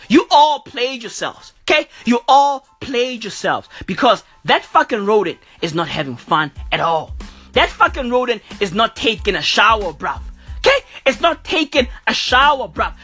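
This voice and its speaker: A woman's voice: fairly high pitch, a bit bright, husky. A woman delivering a profane comic rant, punctuating lines with bruv and okay. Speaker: comedian vlogger.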